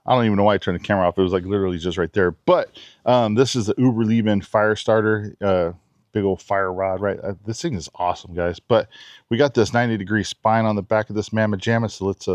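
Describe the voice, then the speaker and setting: A man's voice: fairly low pitch, no room sound. A man chatting casually as he shows off a knife outdoors in his backyard, laid-back with giggly asides. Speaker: knife reviewer. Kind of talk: casual outdoor demo talk.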